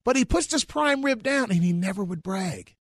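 A man's voice: high voice, lively intonation, normal speed, dry recording, studio quality. A middle-aged man in an enthusiastic interview chat, exclaiming about food. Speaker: guest.

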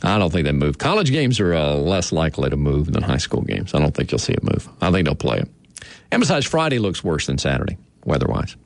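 A man's voice: extremely low pitch, sing-song, brisk, gravelly, dry recording. A man hosting sports radio talk in an easygoing way, laughing often.

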